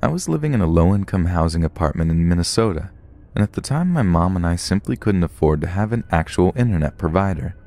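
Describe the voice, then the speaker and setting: A man's voice: low-pitched, expressive, fast, warm tone. A man narrating true horror stories in a scripted storytelling way. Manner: storytelling, puts on short voices for quoted people.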